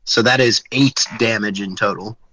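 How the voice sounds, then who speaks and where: A man playing a tabletop game, describing his character's spells slowly and haltingly with many uh fillers. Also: lowish voice, a crowd in the background, poor audio. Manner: halting, full of uh fillers, laughing. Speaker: player.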